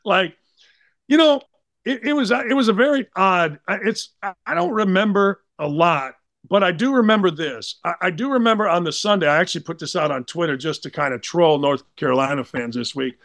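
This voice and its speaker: A man in his sixties telling blunt, animated sports stories as a podcast guest. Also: high-pitched, a little fast, no echo, studio quality. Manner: blunt, animated, slangy anecdotes. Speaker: guest, former college basketball player. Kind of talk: casual storytelling.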